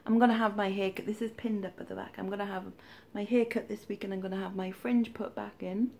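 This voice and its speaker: A woman's voice: medium pitch, fairly even intonation, fairly quick, few pauses, a little mellow, slight background noise. Chatty woman doing a haul vlog. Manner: chatty, rambling, wry asides. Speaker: charity shop reseller vlogger. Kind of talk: casual haul vlog chat.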